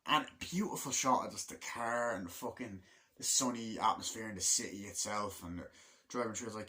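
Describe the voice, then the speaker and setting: Male vlogger, fairly low voice with a bright, forceful edge; casual, profane, rambling movie review. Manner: rambling and excitable, swears often, many fillers like "like"; acts out movie lines in quick put-on voices. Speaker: film reviewer.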